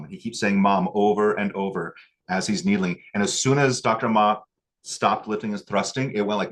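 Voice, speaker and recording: An acupuncture instructor with a lowish, fairly even voice shares a moving story from his own training while teaching a class. He gets emotional and choked up at times, pausing with fillers and restarting, before returning to needling technique.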